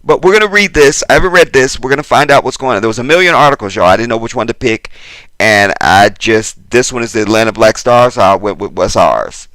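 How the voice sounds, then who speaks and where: A man giving a casual commentary to his viewers, exasperated and chatty, jumping between loud emphasis and muttered asides. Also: mid-range voice, expressive, fast talker, no room sound. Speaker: YouTube commentator.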